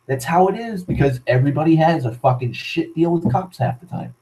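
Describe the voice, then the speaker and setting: A man's voice: a little high, fairly quick, hardly any pauses, dark tone, low-quality recording. A young man from Massachusetts ranting casually into his camera, heavy with profanity, sardonic asides and rambling restarts. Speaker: vlogger. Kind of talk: casual rant.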